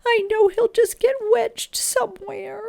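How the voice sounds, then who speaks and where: A woman reading aloud and voicing a frantic, tearful mother with high wailing cries. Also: steady tone, slow, darkish tone, dry recording.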